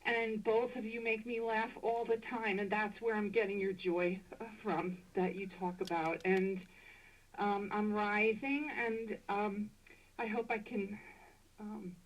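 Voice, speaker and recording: A woman calling in to a radio show, speaking emotionally and gratefully with many hesitant pauses. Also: mid-range voice, flat delivery. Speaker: caller. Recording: dull, distant phone line.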